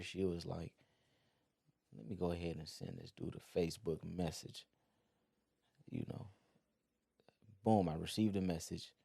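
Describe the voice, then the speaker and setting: A man in his thirties hosting a podcast, telling a personal story in a relaxed, conversational way, full of "like" and "you know". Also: low voice. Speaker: podcast host. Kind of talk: casual storytelling.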